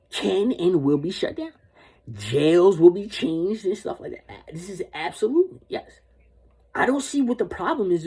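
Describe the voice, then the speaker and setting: Man, husky rough voice, rambling rant, repeats himself insistently. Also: fairly high pitch, a little mellow. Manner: repetitive, insistent, restarts phrases.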